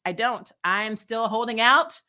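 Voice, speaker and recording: Woman doing a laid-back tv recap, bright tone, laughs a lot, swears casually. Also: on the high side, measured pace. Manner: frank and chatty, laughs often, swears casually. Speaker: TV review vlogger. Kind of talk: casual spoiler review chat.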